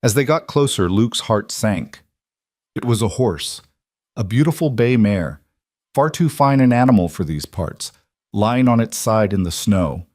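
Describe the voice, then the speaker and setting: Male narrator, low voice, dramatic story read, dry close-miked sound. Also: lively intonation, measured pace, a little mellow, dry recording.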